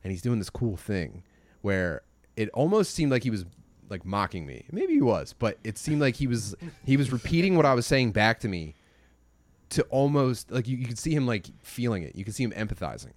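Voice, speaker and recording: A man co-hosting a podcast, telling a long, rambling, profane story in casual chat, often trailing off quietly. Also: medium pitch, very animated, brisk, no echo. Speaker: podcast co-host.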